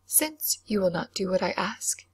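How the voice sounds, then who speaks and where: Woman doing a stern headmistress, quiet and severe, breathy whisper, whispered role-play storybook. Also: medium pitch, expressive, a little slow.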